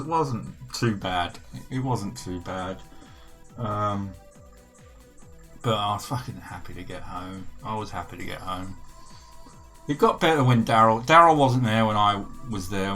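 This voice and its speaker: A man's voice: lowish voice, pushed and bright. An older British man chatting casually on a gaming livestream, rambling and swearing freely as he tells a story. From United Kingdom. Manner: rambling and profane, with frequent swearing and restarts. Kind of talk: casual chat.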